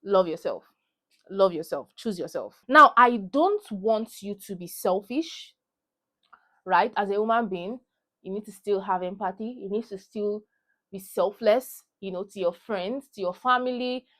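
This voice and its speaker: A woman's voice: mid-range voice, a little slow, pushed and bright. A young woman with a Nigerian accent, ranting heatedly about a movie to her phone camera and repeating lines for emphasis. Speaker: vlogger. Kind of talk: animated movie rant.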